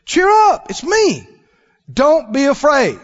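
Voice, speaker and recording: Man playing a reassuring leader calling out loud and high, voice ringing, on a dull lo-fi recording. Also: huge pitch swings, slow pace, in a large hall, full character voice. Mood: jubilant. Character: calm reassuring male leader calling to friends.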